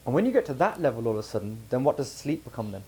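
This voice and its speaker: A visiting religious speaker from the United Kingdom gives a conversational talk to a live audience in a camp hall, often putting questions to them. His medium-pitched voice is warm and husky, with big pitch swings, and he races along.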